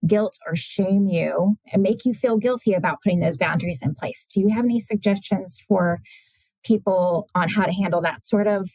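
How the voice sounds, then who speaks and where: A woman podcast host asking measured, careful interview questions. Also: medium pitch, a little mellow, no room sound, rough recording.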